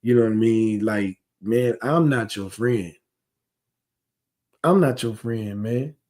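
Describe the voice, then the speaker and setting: A man's voice: on the low side, slow pace, a little mellow. A man teaching a scripture class in a heated, conversational way, often asking rhetorical questions and drifting into digressions.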